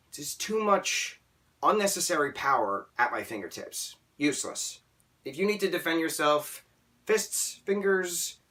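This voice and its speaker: A man talking casually in an opinion vlog, emphatic and animated, often checking in with "right?". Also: a little high. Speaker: vlogger. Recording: voice a bit distant from the mic.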